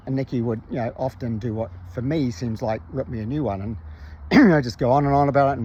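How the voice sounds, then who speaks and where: A man's voice: mid-range voice, fairly quick, a little mellow, a little hiss or hum. A man candidly telling a personal story in a conversational, self-reflective way, recorded outdoors. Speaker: vlogger.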